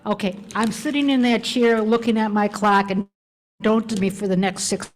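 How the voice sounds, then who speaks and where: A woman speaks at a club ceremony as its outgoing president. She is effusive and full of exclamations. Her voice sits at a middle pitch. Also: fairly even intonation, moderate pace. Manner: warm and effusive, exclaims often. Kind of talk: officiating and accepting gifts at a club meeting.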